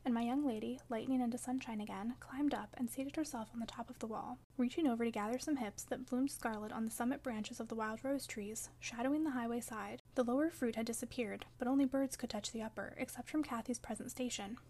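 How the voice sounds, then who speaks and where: A woman narrating a classic novel as an audiobook, in a measured, steady storytelling manner. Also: a little high. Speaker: audiobook reader.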